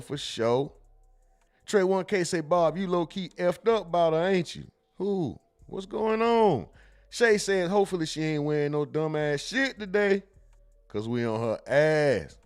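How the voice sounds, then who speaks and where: A man hosting a casual livestream, chatting in slang and reading viewers' comments aloud over background music. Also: a little high. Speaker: livestream host.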